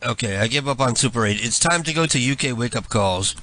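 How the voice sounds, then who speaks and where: A man's voice: medium pitch, animated, fast, heavy background noise. A man hosting a prank call show, joking playfully between calls. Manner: playful, laughing asides. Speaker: radio prank call host.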